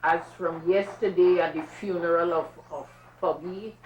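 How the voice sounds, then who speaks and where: An older woman with a Trinidadian accent, a carnival masquerader telling her own story in a lively, emphatic way. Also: sits low, moderate pace, hardly any pauses, slight background noise, low-quality recording. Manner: lively, emphatic, with bursts of patois. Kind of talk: personal storytelling.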